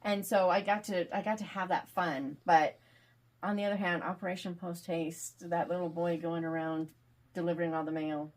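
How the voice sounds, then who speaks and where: A woman author being interviewed, chatting casually and animatedly, quick to laugh. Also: fairly low pitch, fairly even intonation. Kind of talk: casual video call chat.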